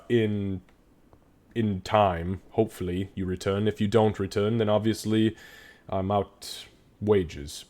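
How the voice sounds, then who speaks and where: A man voicing a shrewd cigar-chewing dwarf ore master who bargains in a measured, businesslike way. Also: fairly low pitch.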